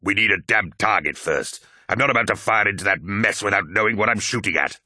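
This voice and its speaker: A man's voice: lowish voice, brisk, sharp tone, dry recording, clean studio sound. A man voicing a curt male commander in an audiobook, barking blunt, clipped orders. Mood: gruff. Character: gruff male tank commander, curt and impatient.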